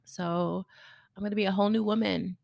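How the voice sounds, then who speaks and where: A young woman co-hosting a podcast, chatting casually and telling stories with lively quoted voices. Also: medium pitch, brisk, vocal fry, no echo, studio quality. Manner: animated storyteller, acts out quoted voices. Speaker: podcast co-host. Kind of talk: casual chat.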